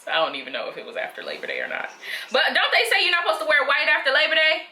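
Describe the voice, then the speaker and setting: Chatty, bright-voiced woman in an echoey room. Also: sits high, wildly swooping pitch, very fast. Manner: chatty, opinionated, addresses viewers as "girl". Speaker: reaction vlogger. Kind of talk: casual reaction commentary.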